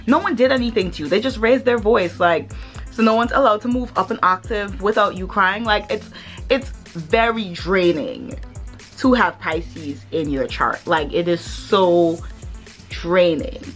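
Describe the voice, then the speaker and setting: A woman's voice: medium pitch, unhurried, soft background music. A woman hosting her own vlog in casual chat, blunt and sassy, and she swears freely. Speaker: vlogger host.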